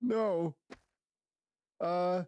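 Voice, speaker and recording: An actor playing an awkward, hesitant video game hero who speaks haltingly. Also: mid-range voice, fairly even intonation, darkish tone, a little hiss or hum.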